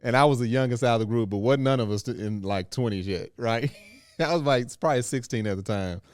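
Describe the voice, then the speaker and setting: A man's voice: medium pitch, a little fast, no echo, clean studio sound. A man co-hosting a podcast with his wife, laid-back and joking, often laughing as he tells stories from his youth. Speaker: podcast co-host. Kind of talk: casual chat.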